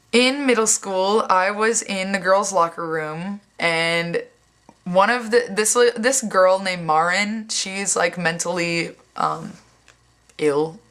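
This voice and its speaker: A young woman vlogging casually, acting out quoted lines and swearing bluntly, with lots of "like". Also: lowish voice. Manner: animated, acts out other people's lines in quoted voices; frequent "like" fillers, blunt and sweary. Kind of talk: casual storytelling vlog.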